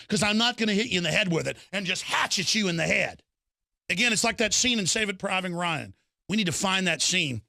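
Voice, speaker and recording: Ranting man with a bright, forceful voice. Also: high-pitched, creaky, dry recording, clean studio sound. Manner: ranting, fiery, mocking impressions, builds to shouts. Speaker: talk show host. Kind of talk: impassioned political monologue.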